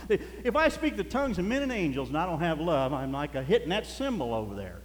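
A man's voice: a little high, sing-song, fast talker, hardly any pauses. A man preaching a sermon, telling folksy stories and chuckling as he goes. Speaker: pastor. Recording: echoey hall.

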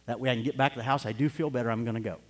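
A man's voice: mid-range voice, fairly even intonation, rapid-fire. A middle-aged man preaching a sermon, telling a personal story in an earnest way and building to fervent urging. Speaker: pastor. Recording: long hall reverb.

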